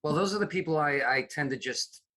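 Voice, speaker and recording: A man's voice: a little high, fairly quick, bright, forceful tone. A middle-aged man from upstate New York, a comedy producer chatting as a podcast guest, rambling with many restarts. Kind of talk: casual interview chat.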